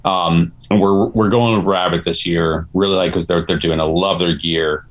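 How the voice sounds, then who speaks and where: A man's voice: deep voice, fairly even intonation, moderate pace, lo-fi sound. A man being interviewed as a race director, talking casually with lots of fillers, restarts and laughter, acting out quotes. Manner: rambling, full of fillers, laughs often, acts out quotes. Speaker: race director, podcast guest.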